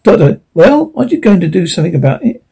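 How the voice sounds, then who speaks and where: A man's voice: high voice, very animated, quick pace, creaky, dark tone, slightly rough, heavily acted. A man voicing an eccentric, inquisitive male time-traveller in a read-aloud script.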